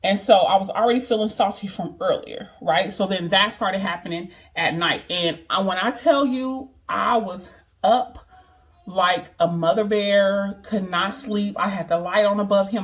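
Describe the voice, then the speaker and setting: A woman's voice: mid-range voice, moderate pace. Woman vlogger, casual storytelling, chatty and emphatic, mid-range voice. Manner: chatty, keeps asking "you know what I mean"; earnest, emphatic retelling.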